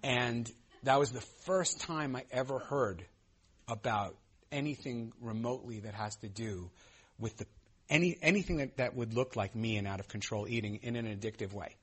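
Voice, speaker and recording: A man's voice: medium pitch, moderate pace, slightly rough. A man in his thirties telling his own recovery story at a meeting, candid and self-mocking, with many fillers and restarts. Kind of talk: personal testimony share.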